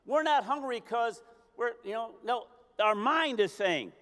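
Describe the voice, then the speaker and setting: A man's voice: very high-pitched, expressive, a little slow, fairly bright tone, long reverb tail. A man giving a fervent motivational speech from a convention stage, firing off rhetorical questions in a preaching style. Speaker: motivational speaker at a company convention. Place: large convention hall.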